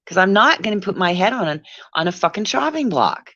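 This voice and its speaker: A woman's voice: medium pitch, sing-song, a little fast, sharp tone, no room sound. A woman on a casual livestream, profane and exasperated, muttering to herself as she goes. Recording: dull lo-fi sound.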